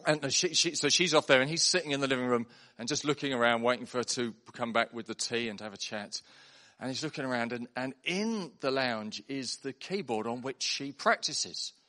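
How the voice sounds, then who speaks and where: A man's voice: mid-range voice, a little fast, pushed and bright. A man, a pastor delivering a chatty, self-deprecating sermon full of jokes and anecdotes to a congregation in church. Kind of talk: humorous sermon storytelling.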